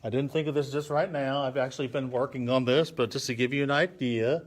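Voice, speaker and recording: A man's voice: medium pitch, steady tone, brisk. A man teaching children a drawing and poetry lesson on a live stream, patiently counting syllables aloud as he thinks and draws. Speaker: art and poetry instructor for kids.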